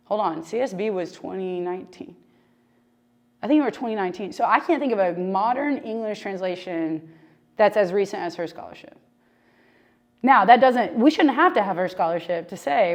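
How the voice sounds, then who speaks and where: A woman's voice: mid-range voice, normal speed. Chatty woman leading a Bible discussion. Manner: animated, conversational, heavy use of "like". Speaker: Bible study discussion leader. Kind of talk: casual teaching discussion.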